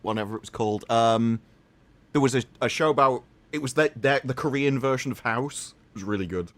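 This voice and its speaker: A man's voice: mid-range voice, a little fast, a bit bright, dry recording. A man guest on a casual livestream chat, joking around and slipping into playful put-on voices.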